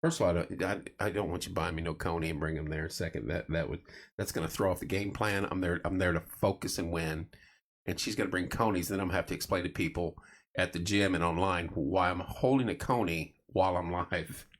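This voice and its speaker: Here the late-night host, a middle-aged man, has a deep voice and a fairly quick delivery. He tells his stories with animation and does impressions of everyone he quotes on his casual chat show.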